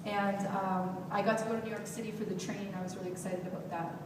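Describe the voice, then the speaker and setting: A young adult woman giving a personal storytelling talk at a youth event, animated and acting out the dialogue she recounts. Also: medium pitch, fast, noisy background. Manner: animated, acts out quoted dialogue. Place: event hall. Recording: echoey hall from far off.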